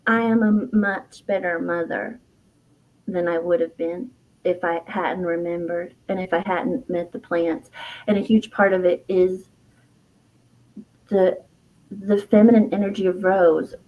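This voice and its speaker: This muffled recording captures a middle-aged woman, an herbalist and writer, recounting something personal while being interviewed. Her voice is lowish, fairly even and a little slow; she's heartfelt and earnest, frequently laughing and starting sentences over.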